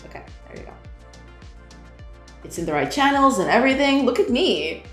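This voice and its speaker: A woman's voice: high voice, big pitch swings, normal speed. Young woman streamer rambling and giggling a lot, tripping over words, roomy echo, faint music in the back. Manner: giggly, laughs often, trips over words. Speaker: game developer streamer. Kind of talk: casual livestream chat, greeting viewers.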